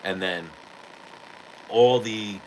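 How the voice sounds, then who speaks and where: A man's voice: fairly low pitch, very slow, slight background noise, rough recording. A male podcast host telling a rambling, profane story in casual chat.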